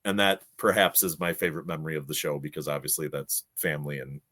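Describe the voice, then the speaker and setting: A man's voice: extremely low pitch, quick pace. A middle-aged man, a podcast guest, telling stories in a casual way and acting out what people said. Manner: animated storyteller, acts out quotes. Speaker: podcast guest, gaming show organizer. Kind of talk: casual storytelling.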